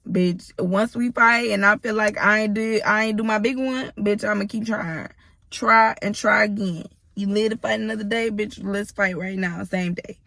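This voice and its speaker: Creaky, bright-voiced woman telling a story. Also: mid-range voice, steady tone, normal speed, dry recording. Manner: profane, blunt, talks straight to the viewers. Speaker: storytime vlogger. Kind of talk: casual storytelling to camera.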